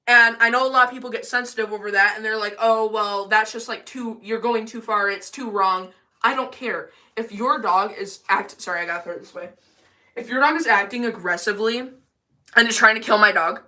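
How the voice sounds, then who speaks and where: A woman's voice: on the high side, sharp tone. A woman with a service dog ranting casually and defiantly on a livestream from her bathroom, rambling and emphatic.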